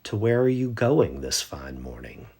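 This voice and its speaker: A man voicing a greedy, sly wolf with a low, gruff voice and false politeness. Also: very animated, measured pace, dark tone, exaggerated voice.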